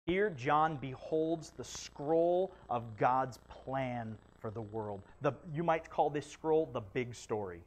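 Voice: mid-range voice, slow pace, few pauses. A pastor delivering a sermon in a church, stacking repeated phrases for emphasis. Sometimes stumbles and corrects with a light laugh.

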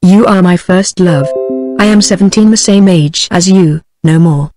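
A woman's voice: fairly low pitch, moderate pace, music in the background, natural voice. A British-accented text-to-speech woman's voice reading the lines of an earnest, solemn young man in love, with no change of voice. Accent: British English. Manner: flat synthetic delivery, no voice change.

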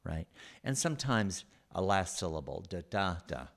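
A man giving a recorded lecture over slides, explaining at an unhurried pace with frequent pauses. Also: deep voice, big pitch swings, gravelly.

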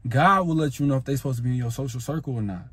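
A man's voice: medium pitch, rapid-fire, fairly bright tone, slightly rough, no room sound. A young man giving blunt, profane, slangy advice on making friends in a casual vlog monologue. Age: young adult. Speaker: self-improvement vlogger.

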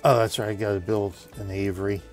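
A man's voice: lowish voice, fairly even intonation, fast talker, soft background music. A man in his forties telling a long, laughing anecdote while playing a game, chatty and full of restarts. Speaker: gaming video host. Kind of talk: rambling anecdote over gameplay.

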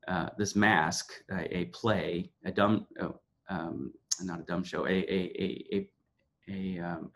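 Halting man lecturing over a video call. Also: deep voice. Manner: halting, with frequent restarts and repeated words. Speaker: seminar leader. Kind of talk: introductory lecture on literature.

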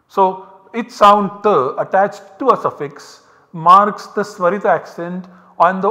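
A man's voice: high voice, pushed and bright. Indian man lecturing with a reverberant sound. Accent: Indian English. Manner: measured, explanatory, points to examples on a slide. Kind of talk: university lecture. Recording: lecture recorded with long reverb.

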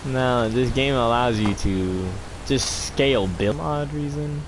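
A man's voice: medium pitch, unhurried, background noise. A young man giving laid-back, chatty gameplay commentary and talking to his viewers. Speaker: gaming host.

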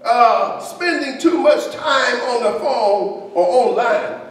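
Male pastor, high-pitched and slow-paced, chatty sermon delivery with asides to the congregation, recorded from a distance in an echoey church with faint hiss. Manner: conversational preaching with asides to the congregation.

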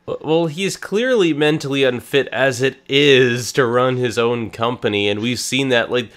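A man with a cold, co-hosting a casual fan discussion podcast, talking in an excited and halting way with many restarts. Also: mid-range voice. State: has a cold. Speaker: podcast co-host.

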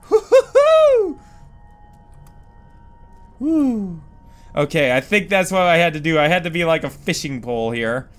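High-voiced man yelling through a game. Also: moderate pace, faint music behind. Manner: excitable, swears a lot, panics loudly and laughs at himself. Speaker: gaming commentator. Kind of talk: let's play commentary. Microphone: desk microphone.

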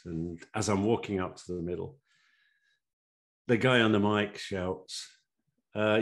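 Brief: man in his 70s, rambling anecdotal guest, low voice. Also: fairly even intonation, a little slow, long pauses. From Sheffield, England. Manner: rambling with fillers, chuckling. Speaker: interview guest, former referee. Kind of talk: anecdotal interview storytelling.

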